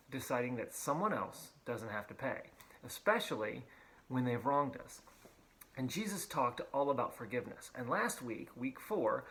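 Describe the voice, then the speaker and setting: A man's voice: medium pitch, sharp tone, poor audio. Male pastor, children's lesson video, upbeat, playful, repetitive emphasis, casual fillers.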